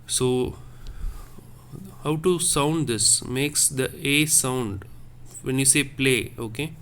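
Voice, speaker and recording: A man teaching a French lesson, speaking slowly and repeating words, checking in with "okay?". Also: mid-range voice, fairly bright tone. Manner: slow, repetitive, checks with "okay?". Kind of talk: classroom lesson.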